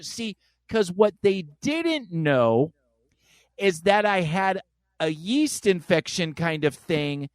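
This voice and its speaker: A man with a high, clean-toned voice speaks at a slow pace while hosting a podcast. In a casual chat he tells lively stories, acting out the voices.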